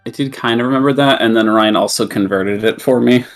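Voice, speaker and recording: A man's voice: mid-range voice, a little fast, soft background music. A man playing a tabletop game, describing his character's actions in a casual, wry way. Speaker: player.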